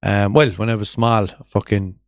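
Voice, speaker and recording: A man's voice: on the low side, fairly even intonation, moderate pace, no room sound, clean studio sound. A man in his thirties with an Irish accent, co-hosting a casual podcast and joking around with friends. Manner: jokey, swearing, laughing a lot. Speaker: podcast co-host. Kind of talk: casual banter on a live stream.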